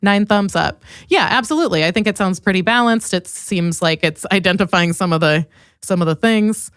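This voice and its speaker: A woman hosting a comedy podcast, telling stories in casual chat, laughing often and jumping up in pitch when she quotes people. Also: moderate pace, smooth, no room sound, clean studio sound. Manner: animated storytelling, quoting others with big pitch jumps. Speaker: podcast host.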